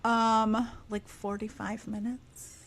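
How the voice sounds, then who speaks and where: A woman in her thirties, a podcast guest, telling a story animatedly in casual conversation and dropping into quieter asides. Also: fairly high pitch, level tone, slow pace, gravelly.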